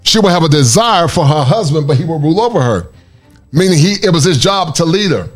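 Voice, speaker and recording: A man's voice: on the high side, sing-song, brisk, faint music behind. A man hosting a commentary channel, reacting to clips with laughter and preachy asides to his viewers.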